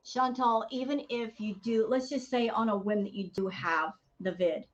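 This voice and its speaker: A woman's voice: a little high, steady tone, normal speed. Woman host, heated commentary, ranting, dull lo-fi sound. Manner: fired up, ranting, addresses viewers as y'all. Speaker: reaction channel host.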